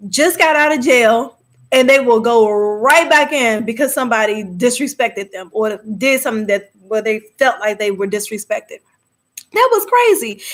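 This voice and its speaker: A woman with a slightly high voice hosts a live movie discussion. She talks casually to her viewers, lively and chatty, often breaking into laughter.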